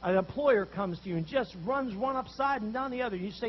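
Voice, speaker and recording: A man preaching a sermon, telling a story with animated voices for the people in it. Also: sits high, a little fast, few pauses, dull audio. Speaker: pastor.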